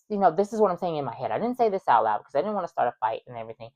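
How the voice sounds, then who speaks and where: A woman's voice: low voice, big pitch swings, rapid-fire, few pauses, a little mellow, dull audio. A woman host telling a personal story in a chatty way, full of fillers and exasperated asides. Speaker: podcast host.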